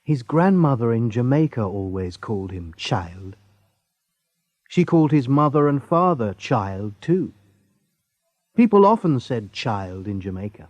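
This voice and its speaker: Slow deliberate male story narrator. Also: mid-range voice, big pitch swings, darkish tone, dry recording, muffled recording. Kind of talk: slow graded-reader narration.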